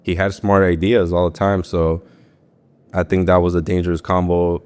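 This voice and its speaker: A man's voice: low voice, flat delivery, normal speed, darkish tone, clean tone. A young man, a fighter, telling his story in a casual interview, rambling with lots of fillers and swearing freely. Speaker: guest, professional MMA fighter.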